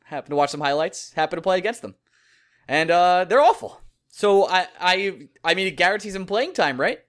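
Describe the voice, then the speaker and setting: Excitable, joking male podcast host. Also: high-pitched. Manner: excitable and joking, with quick outbursts. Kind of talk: casual podcast chat.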